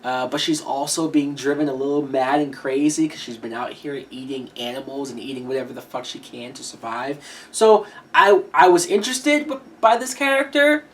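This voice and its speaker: A woman's voice: extremely low pitch, moderate pace. A woman giving a casual horror movie review, blunt and swearing freely, often laughing as she talks.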